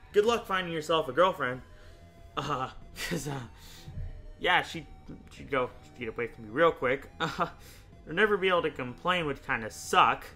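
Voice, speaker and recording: Bright-voiced young man rambling casually. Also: on the high side. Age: young adult. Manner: rambling, chatty, laughs often, thinks out loud. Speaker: YouTube host playing a choice game. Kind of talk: casual gaming commentary.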